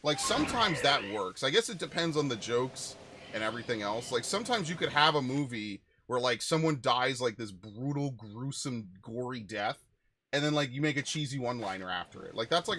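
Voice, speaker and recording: A man's voice: mid-range voice, animated, brisk, bright, forceful tone, a little hiss or hum. A young man rambling casually over gameplay, chatty and swearing offhand. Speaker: gaming channel host.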